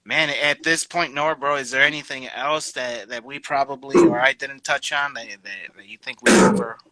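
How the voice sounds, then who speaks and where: A man's voice: medium pitch, steady tone, normal speed, bright, forceful tone, low-quality recording. A man hosting a casual interview show, hyped and slangy, calling his guest bro and dude and repeating words as he talks. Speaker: host. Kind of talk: casual chat.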